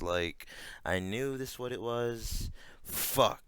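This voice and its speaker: A man doing casual reaction commentary, rambling with many fillers and swear words, breaking into sudden loud outbursts. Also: mid-range voice, takes it slowly, clean tone, dry recording.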